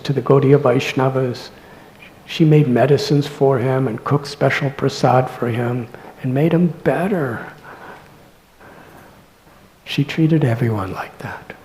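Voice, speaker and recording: A male monk lecturing in a temple class, telling devotional stories in a mid-range voice. He speaks gently and often sinks to near-whispers, with a faint hiss of noise behind. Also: mid-range voice, rough recording. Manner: soft-spoken, drops to near-whispers.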